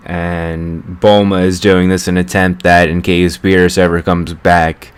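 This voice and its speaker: A young man with a very deep, low-pitched voice talks through a casual episode recap. He rambles in a chatty way and often stops to correct himself. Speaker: anime reviewer.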